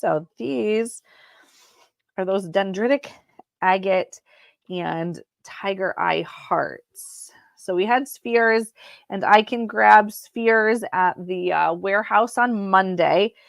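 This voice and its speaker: Slow, chatty woman selling crystals live. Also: medium pitch, creaky, dry recording. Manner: chatty, unhurried, many ums. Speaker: crystal seller hosting a live sale. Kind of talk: casual live-sale chat. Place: at home.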